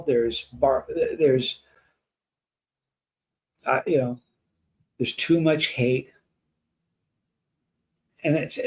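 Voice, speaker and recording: A man hosts a livestream and speaks earnestly and emotionally to his chat. He rambles and restarts his sentences often. His voice sits a little high for a man. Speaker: livestream host.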